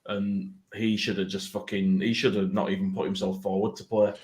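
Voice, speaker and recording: A man's voice: lowish voice, little pitch movement, moderate pace, darkish tone. A man co-hosting a football podcast, telling stories with lots of swearing and laughter. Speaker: podcast co-host. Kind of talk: casual chat among mates.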